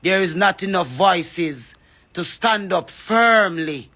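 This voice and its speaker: A woman's voice: lowish voice, expressive, slow, fairly bright tone. Fervent Jamaican woman calling out names. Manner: fervent, preachy, calls out names. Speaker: singer. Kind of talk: impassioned social media appeal.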